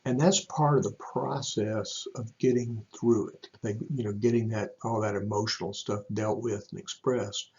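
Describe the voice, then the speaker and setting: A man's voice: on the low side, steady tone, normal speed, few pauses, a little mellow, dull audio. A man from a church staff giving casual advice to parents in a video, rambling with many ums and restarts.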